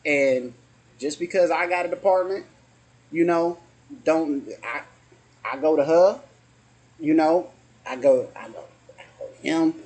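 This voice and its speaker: Around forty, this man talks in a casual spiritual conversation, halting and restarting often and slipping into softly acted quotes. His pitch is fairly high.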